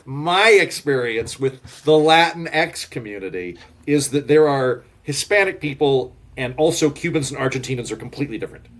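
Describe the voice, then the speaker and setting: A man's voice: mid-range voice, expressive, moderate pace, few pauses. A man, a guest author talking in a casual podcast conversation, rambling with lots of "like" and restarts. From Oklahoma, United States. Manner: chatty, rambling, filler-heavy with "like" and restarts.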